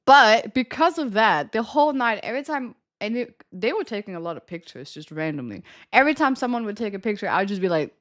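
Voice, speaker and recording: A woman's voice: mid-range voice, sing-song, fairly quick, few pauses, fairly bright tone. A young woman streamer with a slight lisp from her retainer, chatting to viewers in a rambling, giggly way. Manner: giggly, rambling storytelling with many fillers. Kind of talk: casual chat to stream viewers.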